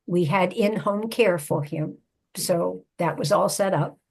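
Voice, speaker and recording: An older woman, a psychotherapist and author, telling a personal family story in a measured, reflective way. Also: on the low side, gravelly, darkish tone, breathy edge.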